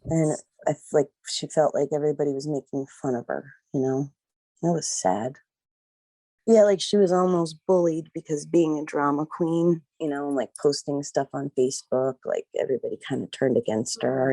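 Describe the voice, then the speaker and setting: A middle-aged woman, a guest whose daughter is missing, gives an emotional personal recollection, rambling and relying on "like" and "you know." Her voice sits low and dark at normal speed, in a dry, low-quality recording.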